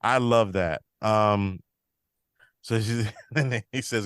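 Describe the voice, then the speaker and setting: A man's voice: lowish voice, fairly even intonation, slow, fairly bright tone, dry recording, studio quality. A man hosting a podcast, casually recapping a TV episode and quoting the characters' lines as he goes. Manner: retells scenes, quoting characters in a slightly shifted voice. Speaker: podcast host.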